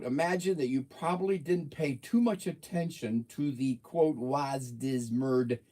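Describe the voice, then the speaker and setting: A man's voice: mid-range voice, darkish tone. A man hosting a casual livestream, rambling and joking as he reads out viewer comments. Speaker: livestream host.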